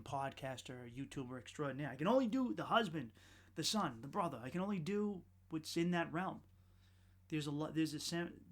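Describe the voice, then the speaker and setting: A man hosting a podcast, rambling in a profane, ranting monologue. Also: on the high side. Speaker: podcast host.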